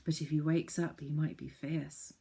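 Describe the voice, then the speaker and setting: A woman voicing a sensible, practical young girl in a storybook reading, calm and practical. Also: sits low, moderate pace, creaky, slightly rough, heavily acted.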